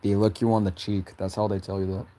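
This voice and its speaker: A man casually answering viewer questions about his characters on a livestream, halting and repeating phrases, often breaking into high laughter. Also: level tone, mellow.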